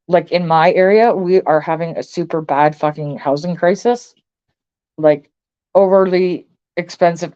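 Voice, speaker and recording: On a muffled recording, a woman from Canada with a mellow voice on the low side vents to her viewers. The vlogger's political rant to camera is angry, blunt and profane, packed with swearing and filler words.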